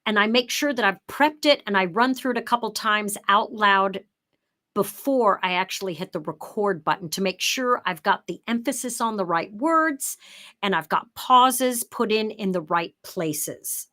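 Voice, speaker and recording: A woman's voice: mid-range voice, animated, moderate pace, fairly bright tone. Woman, middle-aged, workshop presenter, chatty, hands-on explaining, video call from home office. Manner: drops into emphatic, broadcaster-style read when showing the script. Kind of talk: online workshop teaching.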